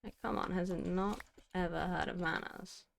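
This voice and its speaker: A young woman streams a game, musing wryly to herself and chiding things in mock indignation. Her lowish voice is creaky, with fairly even intonation and a moderate pace.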